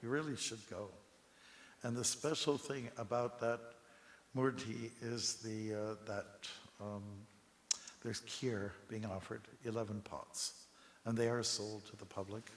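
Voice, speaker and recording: A man giving a scripture class in a temple hall, telling relaxed anecdotes with chuckles and asides to the audience. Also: fairly low pitch, a little slow. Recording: long hall reverb with faint hiss.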